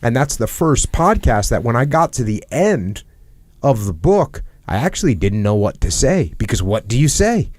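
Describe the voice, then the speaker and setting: A middle-aged American man hosts a podcast in a mid-range voice with wide pitch swings, a darkish tone, and normal speed, recorded dry. His reflective conversational talk is earnest, and he repeats phrases for emphasis.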